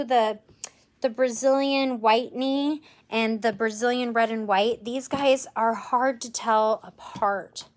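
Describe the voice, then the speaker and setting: A woman educator presenting tarantulas in a live stream, enthusiastic and gentle, cooing at the animals. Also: sits high. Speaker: insect zoo educator. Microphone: livestream camera mic.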